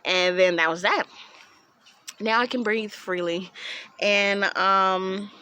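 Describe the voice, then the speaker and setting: A young woman vlogger tells a personal story in a chatty storytime video, acting out what people said and using lots of "like" and "um." Her mid-range voice is slow and fairly even in intonation, with a pushed, bright, clear and resonant tone.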